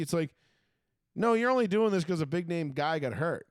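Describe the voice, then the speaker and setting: Man, sports show co-host, profane rant, slightly high voice, dry close sound. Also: moderate pace, smooth, no room sound. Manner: profane, ranting, animated. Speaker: podcast co-host. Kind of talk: casual sports chat.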